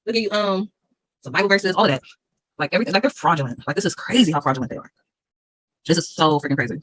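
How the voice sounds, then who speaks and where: A woman's voice: deep voice, expressive, racing, a bit bright, dry recording, rough recording. A woman vlogging straight to her viewers in a combative, repetitive way, reading legal passages aloud between her own remarks. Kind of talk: direct-to-camera video rant, reading legal text aloud.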